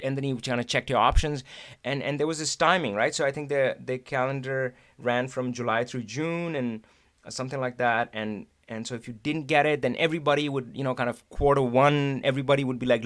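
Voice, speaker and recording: A man hosting a casual live stream, talking in a loose, chatty way full of restarts and asides. His voice sits at a mid pitch, and the close, dry mic gives almost no room sound. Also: no room sound. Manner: chatty, animated, frequent restarts and laughs.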